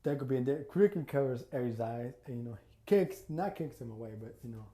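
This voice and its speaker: A man's voice: mid-range voice, lively intonation, brisk, mellow, roomy sound. A man casually retelling a fan story, rambling with lots of fillers and acting out the quotes. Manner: rambling, full of "you know" and "like", acts out quotes.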